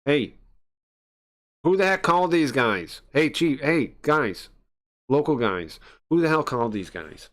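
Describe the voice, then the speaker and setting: Man doing a shrill hysterical cop inspector, lizard-like, hostile, shouting, from a game read-through. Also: expressive, measured pace, no echo. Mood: angry. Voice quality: high-pitched, near hysterical. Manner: shouting, confrontational.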